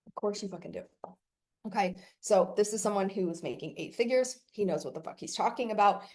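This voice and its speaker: A woman's voice: mid-range voice, fairly quick, darkish tone. A woman business coach talking casually to her audience, brash and profane, laughing often between points.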